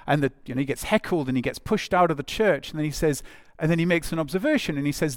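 A man's voice: fairly high pitch, expressive, fast, few pauses, no room sound, studio quality. A man preaching a sermon in a conversational way, with frequent fillers and phrases repeated for emphasis.

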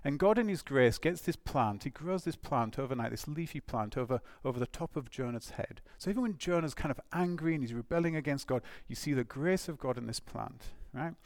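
Animated male preacher, lively pitch. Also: brisk, few pauses, dry recording, studio quality. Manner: animated, emphatic, with restarts and rhetorical questions. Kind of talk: sermon.

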